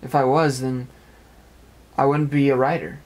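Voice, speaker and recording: Young man, earnest personal monologue, rambling and repetitive, flat monotone pitch, mid-range voice. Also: unhurried. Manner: earnest, rambling, repeats phrases. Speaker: amateur web radio speaker. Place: apartment.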